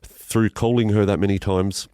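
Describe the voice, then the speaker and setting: An Australian man telling a painful personal story as a podcast guest, halting and emotional, swearing and restarting his sentences. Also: lowish voice, steady tone, mellow, clean tone, no room sound, clean studio sound.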